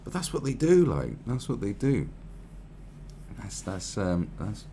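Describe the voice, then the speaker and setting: A man's voice: fairly low pitch, wildly swooping pitch, unhurried, mellow, a little hiss or hum. A man giving profane, rambling, sarcastic commentary on a news article.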